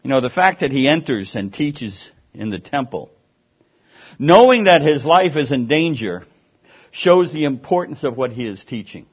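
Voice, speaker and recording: A male preacher with a husky voice gives an explanatory sermon, his pitch swinging widely as he drives points home. The recording sounds dull and lo-fi. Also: big pitch swings, moderate pace. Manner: emphatic, explanatory preaching with rising and falling emphasis. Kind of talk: expository sermon.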